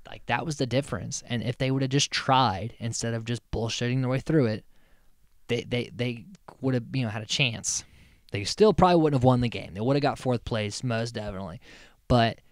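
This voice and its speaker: A man's voice: mid-range voice, fairly quick, no echo, clean studio sound. A man hosting a podcast, recapping a reality show in a loose, rambling way with plenty of swearing. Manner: rambling, profane, loose storytelling. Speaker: podcast host.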